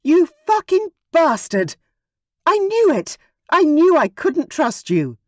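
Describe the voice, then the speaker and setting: A man voicing a heartbroken young dragon-shifter woman who bursts into shrill, screaming anger. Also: sing-song, slow pace, no room sound, studio quality, exaggerated voice. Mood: furious.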